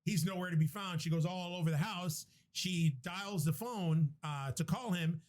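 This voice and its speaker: A man's voice: sits high, normal speed, darkish tone. A man hosting a podcast, retelling a movie plot in a rambling, profane, casual way. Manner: rambling, profane storytelling with restarts. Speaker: podcast host. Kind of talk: casual movie recap chat.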